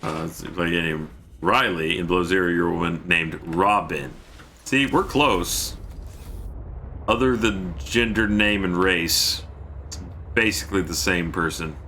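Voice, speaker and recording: A man's voice: low-pitched, measured pace, sharp tone, a little hiss or hum. A man streaming a game, chatting casually, joking and reading chat messages aloud. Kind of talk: casual gameplay commentary.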